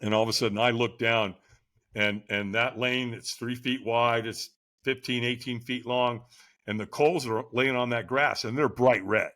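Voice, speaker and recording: A man guest on a podcast, telling a personal story in an animated way, often checking in with a quick "right?". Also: mid-range voice. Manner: lively, keeps asking "right?".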